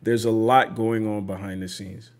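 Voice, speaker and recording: Man, from Nigeria, interview guest, easygoing, thoughtful, fairly low voice. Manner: relaxed, measured, many fillers. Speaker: podcaster guest. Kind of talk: casual interview answers.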